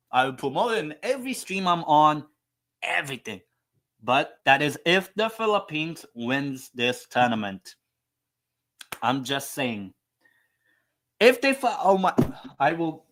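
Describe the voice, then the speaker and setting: A man hosts a live football watchalong, talking loosely to his viewers. His fairly high voice rambles between restarts, swearing often and poking fun at himself. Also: a bit bright. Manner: rambling, profane, self-mocking. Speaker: football live-stream host. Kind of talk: casual live watchalong chat.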